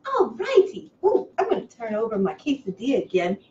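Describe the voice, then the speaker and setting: A woman hosting a comic live cooking show from a kitchen, over-the-top excitable, breaking into squeals and gushing. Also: fairly high pitch, fairly quick. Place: home kitchen. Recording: echoey kitchen, slightly dull, faint hiss.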